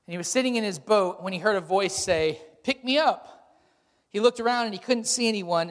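A man's voice: high voice, fairly bright tone, in a large hall. A male pastor preaching a sermon, emphatic and exhorting, posing rhetorical questions.

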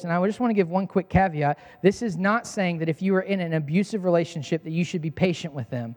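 A man's voice: sits high, quick pace, few pauses, darkish tone. A man in his thirties preaching a sermon as a pastor, earnest and emphatic, repeating his key lines. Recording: long hall reverb.

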